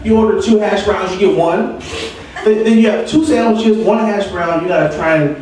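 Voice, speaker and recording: High-voiced man ranting at an open mic. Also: moderate pace, a little mellow, a little hiss or hum. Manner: rambling, ranting storytelling. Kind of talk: stand-up comedy. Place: open mic venue with audience. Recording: echoey room from far off, audience.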